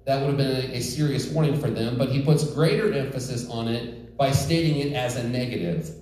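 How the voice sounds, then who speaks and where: A man's voice: medium pitch, fairly quick, a little mellow. A man preaching a sermon in church, earnest and emphatic, with joking asides to the congregation. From rural United States. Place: church sanctuary. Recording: echoey church hall, distant mic.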